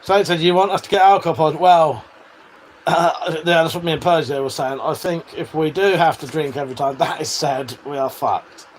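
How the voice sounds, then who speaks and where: A chatty British man hosting a casual livestream, his voice sitting a touch higher than most men's. He swears freely and laughs often, with a faint fan hum behind him. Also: brisk. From United Kingdom. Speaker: livestream host. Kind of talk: casual livestream chat reading viewer comments.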